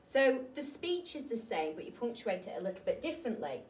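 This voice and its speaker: A woman's voice: fairly high pitch, very animated, a little fast, roomy sound, far from the mic, a little hiss or hum. A woman teaching a primary school lesson who speaks straight to the children. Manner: bright, addresses the children directly. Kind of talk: classroom lesson explanation.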